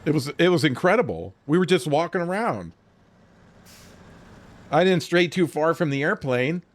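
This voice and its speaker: An older man casually telling a military story while streaming a game, profane and animated, acting out the exchanges he quotes. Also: on the high side, normal speed.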